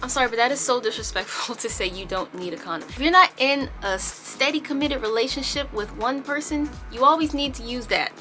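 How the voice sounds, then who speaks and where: A woman telling a storytime on her home vlog, chatty and animated. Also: fairly high pitch, a little fast, few pauses, over music. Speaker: vlogger.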